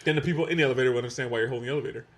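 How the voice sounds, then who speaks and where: Fast-talking husky man, podcast co-host. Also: mid-range voice. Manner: animated, insistent, teasing. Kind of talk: casual chat.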